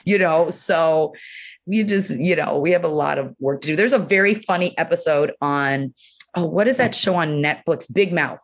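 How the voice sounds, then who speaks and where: Frank low-voiced woman doctor. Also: normal speed. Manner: frank, animated, many "you know" fillers, acts out quotes. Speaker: urologist guest. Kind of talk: candid conversational interview.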